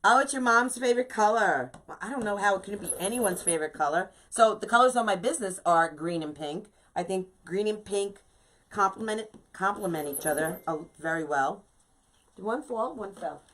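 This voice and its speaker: A woman's voice: mid-range voice, normal speed, a bit bright, poor audio. A woman with a New York accent hosting a casual live craft tutorial, chatting with viewers and dotting her talk with "you know". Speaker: craft shop owner hosting a live wreath-making stream.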